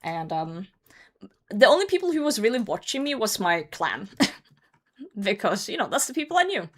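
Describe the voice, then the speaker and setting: A young Norwegian woman, a native Norwegian speaker with a Norwegian accent, telling a story casually on her game livestream, animated, laughing often and swearing freely. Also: medium pitch, moderate pace. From Norway. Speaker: game streamer.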